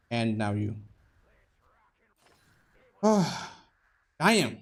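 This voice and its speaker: Young man, game streamer, swears a lot, rambling jokey chat, mid-pitched voice. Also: a little slow, long pauses, darkish tone. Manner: profane, joking, rambling. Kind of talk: casual gameplay commentary.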